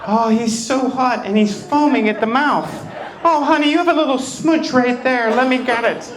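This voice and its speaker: A fussy, sharp-tongued old mother who nags and snipes, as a comedian puts her on. Her voice sits high and prim, with the club audience laughing around it. She doles out one-liners and scolds her grown son. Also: normal speed, noisy background. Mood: fussing. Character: nagging elderly mother with arthritis, sharp-tongued.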